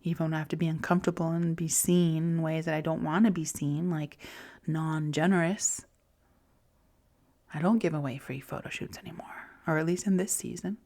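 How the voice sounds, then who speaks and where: A woman in her forties hosting a reflective self-help podcast, talking softly and often in a whisper, soothing herself. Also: low-pitched, steady tone, normal speed. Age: 40s. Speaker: podcast host.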